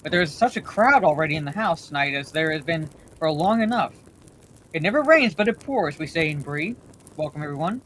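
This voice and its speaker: A woman voicing a fat, bustling middle-aged male innkeeper who talks on and on, hurried and forgetful, in a storybook reading. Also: deep voice, expressive, a little hiss or hum, voice pushed down. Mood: flustered.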